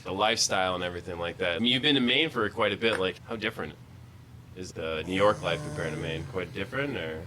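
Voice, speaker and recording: A man's voice: low-pitched, fast, background noise. A man co-hosting a podcast who asks a guest casual follow-up questions. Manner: curious, asking follow-up questions. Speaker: podcast co-host. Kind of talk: casual interview chat.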